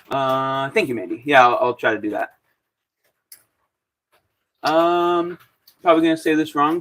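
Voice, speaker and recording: A man's voice: fairly high pitch, steady tone, measured pace, pauses often, a bit bright. A young man making pottery on a livestream, chatting casually, joking and answering viewers' comments as he works.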